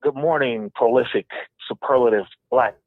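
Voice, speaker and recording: A man phones in to a talk radio show. His voice is husky and mid-pitched, and he heaps playful praise on the host. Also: moderate pace, narrow, tinny audio. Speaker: caller. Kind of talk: phone-in call.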